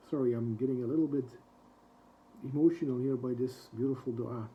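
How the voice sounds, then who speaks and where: Soft-spoken man teaching, dull lo-fi sound. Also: mid-range voice. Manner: recites quoted prayers quickly, then translates slowly; soft-spoken, with frequent hesitations. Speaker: teacher of a book lesson. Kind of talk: reflective book lesson.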